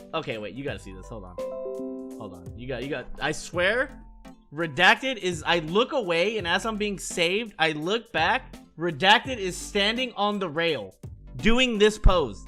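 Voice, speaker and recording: A man excitedly recapping a wild night to his stream, swearing and jumping between voices as he tells it. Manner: excitable, swears, acts out quotes with big pitch swings. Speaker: streamer telling stories. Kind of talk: animated storytelling recap.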